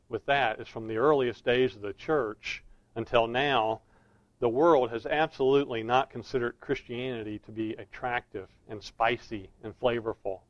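A man preaching an expository sermon, earnestly leaning on key words and slowing down for emphasis. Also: medium pitch, no room sound, highs cut off.

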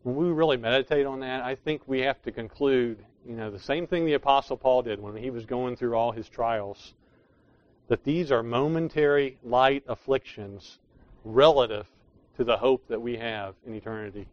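A man's voice: medium pitch, moderate pace, no echo. Man, pastor preaching a sermon, emphatic, explanatory, slightly muffled dry recording. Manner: emphatic, explanatory preaching with stressed key words.

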